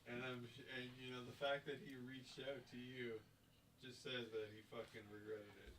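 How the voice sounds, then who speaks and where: A man's voice: mid-range voice, level tone, moderate pace, a bit bright, slight background noise. A man giving blunt, profane opinions in casual chat. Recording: voice distant from the mic.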